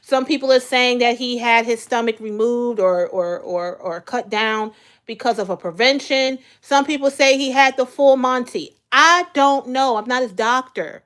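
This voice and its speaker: Woman, high-pitched, casual live commentary, chatty, repeats herself. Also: normal speed, a bit bright, clear, resonant tone. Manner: chatty, repeats words, talks straight to viewers. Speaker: commentary channel host.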